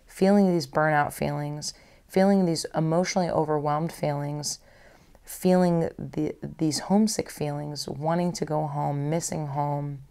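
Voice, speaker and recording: A young woman talks through her feelings on her own podcast, candid and rambling, circling back over the same phrases. Her voice sits low, with a gravelly fry running through it. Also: darkish tone. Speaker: podcast host. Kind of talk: personal reflective monologue.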